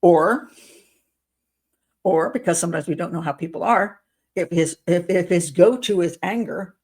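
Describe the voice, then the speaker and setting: A woman's voice: fairly low pitch, normal speed, darkish tone, slightly rough. A woman giving commentary as a criminal profiler, sarcastic and incredulous as she talks.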